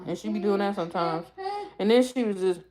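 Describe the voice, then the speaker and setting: A woman's voice: mid-range voice, brisk, dark tone. A young woman from the US East Coast, chatting on a livestream to her viewers in a heartfelt, rambling way and often repeating herself. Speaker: YouTube livestream host. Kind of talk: casual livestream chat.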